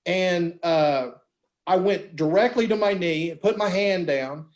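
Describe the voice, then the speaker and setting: A man chatting casually as a guest, telling lively stories and acting out the voices of other people. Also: sits high, unhurried. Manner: animated storyteller, acts out voices in quotes. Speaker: guest, beep baseball pitcher. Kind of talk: casual storytelling chat.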